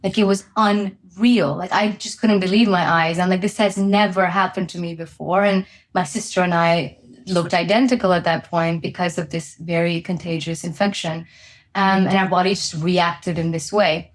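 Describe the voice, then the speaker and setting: A woman's voice: fairly low pitch, fairly even intonation, moderate pace. A woman being interviewed as a company founder, telling a personal story candidly with many fillers.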